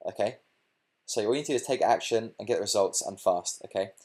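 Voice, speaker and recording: Punchy male webinar coach, low voice. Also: fairly quick. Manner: energetic, punchy, keeps saying "okay?" and "look". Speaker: business coach hosting a webinar. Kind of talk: sales pitch wrap-up of a webinar.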